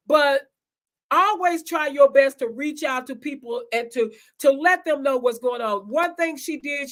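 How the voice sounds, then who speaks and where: A high-voiced woman hosts a casual online conversation. She talks in a chatty, animated way, speaking straight to her audience over a video call. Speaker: host. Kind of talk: casual live-stream chat.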